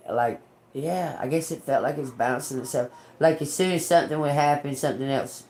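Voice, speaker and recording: Tarot livestream host with a drawl, loose and rambling, quick to laugh and curse, faint background noise. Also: medium pitch, a little mellow. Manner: rambling, laughing, heavy swearing. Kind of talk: casual livestream chat.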